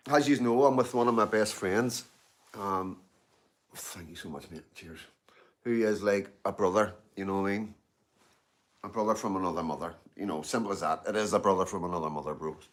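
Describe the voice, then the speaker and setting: Chatty man on a live stream. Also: on the low side. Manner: rambling, chatty, repeats himself, lots of "you know what I mean"; eating and drinking tea between remarks. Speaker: livestreamer reading out chat. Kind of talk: casual live-stream chat. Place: in Glasgow.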